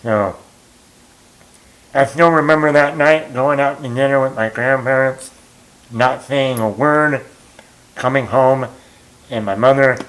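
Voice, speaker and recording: A man's voice: medium pitch, a little slow, pauses often, a bit bright, poor audio. A man chatting casually as a movie vlogger, telling a story in a rambling, self-mocking way with lots of fillers.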